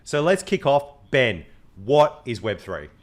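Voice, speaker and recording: A man's voice: mid-range voice, sing-song, measured pace. A man hosting a podcast, telling a story in casual chat, swearing and mimicking voices. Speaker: podcast host.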